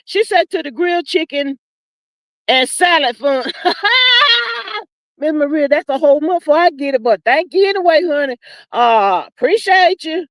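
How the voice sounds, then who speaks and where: An older woman hosting a casual livestream chat, folksy and animated, calling her viewers honey and child. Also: sits high, moderate pace, no room sound. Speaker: livestream host.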